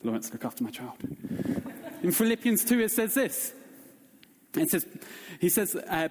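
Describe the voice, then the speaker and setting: A male pastor delivers a sermon in an earnest, emphatic way, often circling back and repeating phrases for weight. His voice sits slightly high for a man. The sound carries the long reverb of a church hall. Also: big pitch swings, normal speed, pauses often, darkish tone. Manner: earnest, repetitive, emphatic preaching.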